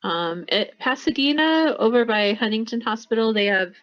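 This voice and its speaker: A woman's voice: fairly high pitch, lively intonation, normal speed, a bit bright, lo-fi sound. An American woman teaching pronunciation in a college classroom, explaining patiently and repeating words for her students. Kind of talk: classroom instruction.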